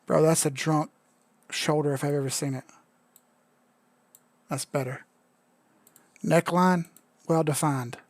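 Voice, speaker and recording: A man's voice: a little high, fairly even intonation, slow, pauses often, dry recording. Tipsy, joking man on a live stream. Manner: loose, joking, profane, says he is drunk. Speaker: crypto chart analyst streamer. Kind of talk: casual live-stream commentary.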